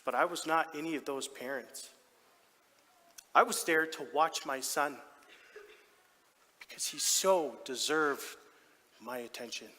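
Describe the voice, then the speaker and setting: A man's voice: a little high, unhurried, pauses often. A man playing a proud, doting hockey dad on stage. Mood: storytelling. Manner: animated, heartfelt storytelling with sudden soft drops. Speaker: actor in a stage monologue. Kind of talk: theatrical stage monologue. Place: large theatre stage. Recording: long theatre hall reverb.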